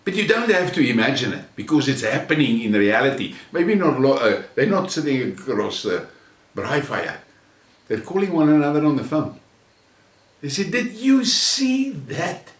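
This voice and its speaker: A man with a South African accent delivering an angry, profane rant, mocking and contemptuous, swinging from shouts to low sneers. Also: big pitch swings, normal speed. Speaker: channel host. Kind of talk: angry ranting monologue. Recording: roomy echo, mic at a distance.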